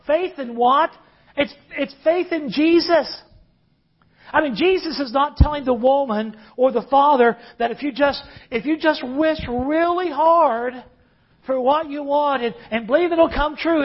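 High-voiced earnest preacher, lo-fi. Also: male voice. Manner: earnest, draws out key phrases slowly. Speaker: pastor. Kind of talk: sermon. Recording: dull lo-fi recording.

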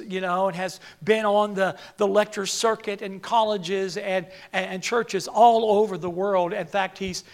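An older man preaching a sermon, halting and repeating words, then building to emphatic peaks. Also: high-pitched, vocal fry.

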